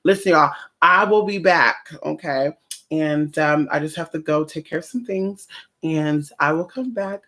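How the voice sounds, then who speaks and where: A spiritual practitioner vlogs from indoors at home in a bright, forceful, mid-range voice, speaking a little slowly. The casual chat is sassy, profane, and meandering.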